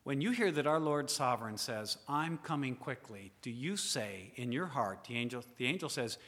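Bright-voiced man preaching in a reverberant hall. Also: medium pitch, lively intonation, moderate pace. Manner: rhetorical questions, swings between loud emphasis and quiet asides. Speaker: pastor. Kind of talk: sermon.

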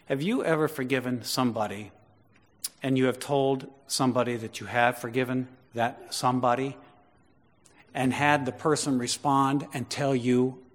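A man's voice: mid-range voice, steady tone, moderate pace, big-room sound. A man preaching a sermon, emphatic and full of rhetorical questions.

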